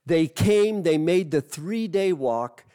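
A man's voice: on the high side, lively intonation, slow, mellow. A man preaching a sermon as a missionary, telling a story earnestly and repeating phrases for emphasis.

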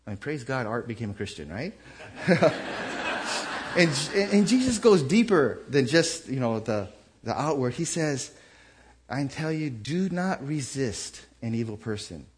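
A man preaching a sermon in a conversational, animated way, acting out the voices he quotes. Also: mid-range voice, measured pace, slight background noise. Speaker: pastor.

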